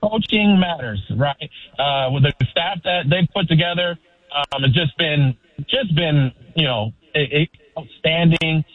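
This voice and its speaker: A man's voice: a little high, a little slow, no room sound. A middle-aged man calling into a sports radio show, effusive and rambling, calling the host brother. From Sacramento, California. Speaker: caller. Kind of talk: excited sports call-in chat. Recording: tinny phone line.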